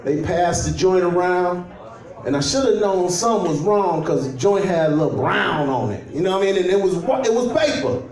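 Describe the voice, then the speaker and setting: High-voiced stand-up comic in an echoey club. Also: male voice, lively intonation, fairly quick, a little mellow. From Chicago. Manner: loose, storytelling, trash-talking, laughs at his own jokes. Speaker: stand-up comedian. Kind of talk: stand-up comedy set. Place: comedy club stage at a holiday party. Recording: echoey club audio from far off. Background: audience laughter.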